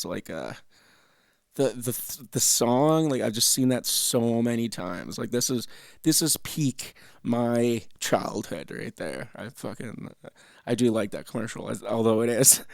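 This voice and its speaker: Gravelly man ranting through reaction commentary. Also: medium pitch, dry recording, clean studio sound. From Canada. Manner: rambling, profane, laughing asides. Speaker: host.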